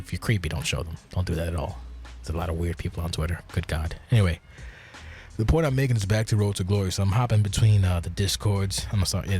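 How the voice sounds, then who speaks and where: Male podcast host, lowish voice, profane unscripted rant, faint music bed. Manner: profane, rambling, swings from low mutter to loud exasperation.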